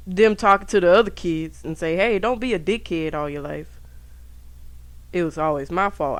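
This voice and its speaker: A woman's voice: lowish voice, no room sound. Brief: young woman podcast host, casual storytelling, swears freely, dry close sound. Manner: profane, animated, talks straight to listeners. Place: indoors at home.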